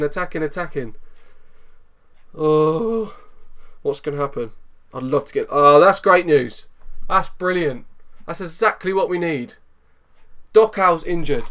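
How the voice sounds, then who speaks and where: Excitable man commentating his game. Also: on the high side. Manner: excitable, swings from muttering to shouting. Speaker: gaming YouTuber. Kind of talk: live gameplay commentary.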